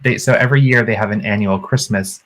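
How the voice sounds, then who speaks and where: A man's voice: lowish voice, steady tone, fast talker, fairly bright tone. A man co-hosting a podcast, telling a story animatedly and acting out the quotes in a raised voice. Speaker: podcast co-host. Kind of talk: casual storytelling chat.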